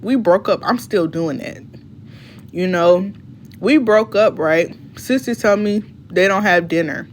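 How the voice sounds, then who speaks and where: Animated woman telling a story. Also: unhurried, a little hiss or hum. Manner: animated, voice jumps high when she gets heated; blunt and profane. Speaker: storytime vlogger. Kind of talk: casual storytelling.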